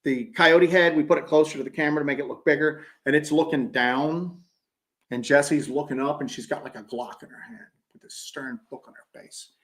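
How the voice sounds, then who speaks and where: A man's voice: fairly high pitch, fairly quick. Joking man co-hosting a chat. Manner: joking, animated storytelling. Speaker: co-host of paranormal podcast. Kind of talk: casual livestream chat.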